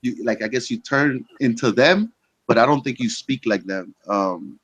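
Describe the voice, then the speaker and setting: A man's voice: medium pitch, normal speed, fairly bright tone, breathy edge. A man chatting on a group video call, who hesitates often and repeats his words. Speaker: panelist in a group video chat. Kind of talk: casual chat.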